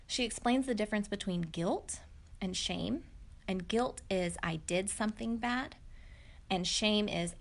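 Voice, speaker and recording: Candid woman, slightly gravelly. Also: medium pitch. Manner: candid, reflective, chatty with many fillers. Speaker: vlogger. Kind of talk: personal storytelling to camera.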